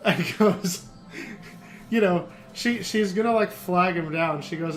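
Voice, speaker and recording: A man co-hosting a gaming podcast, telling a story with animated, laughing delivery. His voice sits high and his pace is unhurried. Game music is clearly heard behind him. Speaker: podcast co-host. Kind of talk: casual chat over gameplay.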